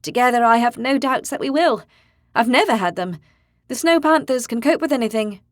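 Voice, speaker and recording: A woman narrator voicing a determined young woman warrior in an audiobook, speaking with forceful confidence. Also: a little high, animated, normal speed, dry recording, clean studio sound, natural voice. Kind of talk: audiobook character voice.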